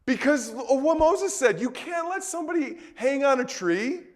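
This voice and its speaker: A man preaching a sermon in a conversational way, full of rhetorical questions, moving between soft and loud delivery. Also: extremely high pitch, animated, normal speed. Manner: conversational, repeats words.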